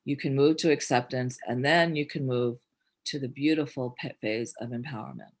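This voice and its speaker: A woman's voice: rumbling low, moderate pace. Blunt, foul-mouthed woman telling stories. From Newark, New Jersey, USA. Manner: blunt, swears freely, animated storytelling with voiced quotes. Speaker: filmmaker guest. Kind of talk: candid interview conversation.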